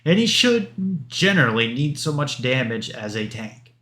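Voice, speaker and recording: A man's voice: medium pitch, very animated, normal speed, fairly bright tone. Rambling male streamer reading patch notes. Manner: rambling, rattles off number lists with offhand asides.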